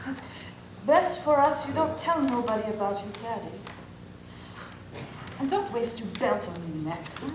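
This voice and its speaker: An actress playing a young immigrant woman who scolds and teases her sweetheart in broken English, in a live stage play. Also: fairly high pitch. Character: young immigrant woman, sweetheart, sharp-tongued but tender. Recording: echoey theater recording with hiss.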